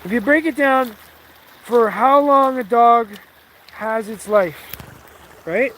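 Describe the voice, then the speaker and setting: A man vlogging outdoors while standing in a stream with his dog, musing slowly and emotionally and coaxing the dog to talk. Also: very high voice, fairly bright tone, a little hiss or hum, rough recording. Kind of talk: casual outdoor vlog.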